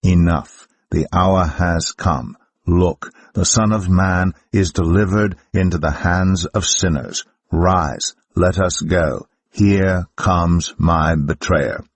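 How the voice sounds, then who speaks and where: A man voicing Jesus as a grave, sorrowful teacher, speaking slowly and solemnly in a scripture reading. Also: low voice, no echo, heavily acted. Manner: slow, solemn delivery.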